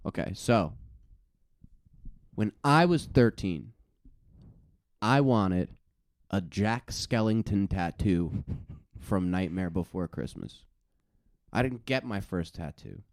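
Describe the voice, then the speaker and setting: A man's voice: deep voice, lively intonation, slow, pauses often, dry recording, clean studio sound. A man co-hosting a comedy podcast, chatting casually, often laughing and swearing as he talks. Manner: laughing, profane, conversational.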